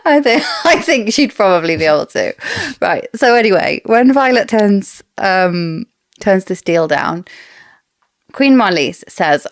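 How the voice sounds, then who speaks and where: A woman's voice: medium pitch, expressive, unhurried, no echo, clean studio sound. A woman co-hosting a casual book discussion podcast, chatty and theorizing with frequent laughs. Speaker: podcast co-host.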